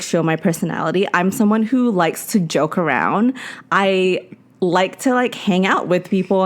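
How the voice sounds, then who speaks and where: A young woman co-hosting a podcast, telling a story in casual chat, full of fillers and frequent laughter. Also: lowish voice. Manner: chatty storyteller, laughs often, lots of "like". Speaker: podcast co-host.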